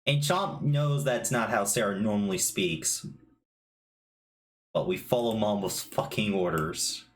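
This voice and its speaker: Casual game master with an unhurried delivery, swears freely, narrates the action and checks rules out loud. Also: mid-range voice.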